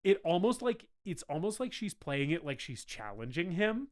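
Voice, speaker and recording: A man's voice: high-pitched, very animated, normal speed. A man co-hosting a movie podcast, talking casually and acting out scenes from the film in voices. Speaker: podcast co-host. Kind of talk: casual movie review chat.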